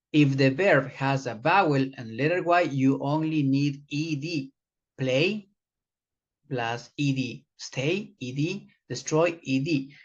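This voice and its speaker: An English teacher walks through a grammar lesson at an unhurried, careful pace, repeating each example for the class. The sound is muffled and lo-fi. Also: medium pitch. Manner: repeats words slowly for learners, addresses class as guys. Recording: dull lo-fi recording.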